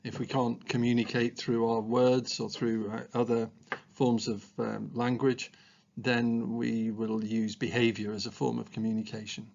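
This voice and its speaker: A man talks through a training presentation in a measured, thoughtful way, often filling pauses with ums and uhs. His voice sits at an ordinary middle pitch, and the recording sounds a little dull and lo-fi. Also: level tone, vocal fry, darkish tone. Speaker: special school staff trainer. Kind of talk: explanatory training talk.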